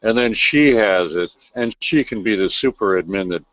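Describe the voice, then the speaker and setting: A man's voice: fairly low pitch, lively intonation, normal speed, a bit bright, no room sound. A man running a voice chat room, laying down the rules in a stern, gloating way. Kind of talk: casual voice chat. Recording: dull lo-fi voice chat audio.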